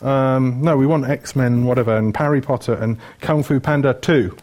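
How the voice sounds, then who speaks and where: Middle-aged guy from wales giving a jokey chatty sermon, lots of uh and um, mid pitch. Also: steady tone, normal speed, a little mellow. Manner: chatty and joking, lists things with many fillers. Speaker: preacher.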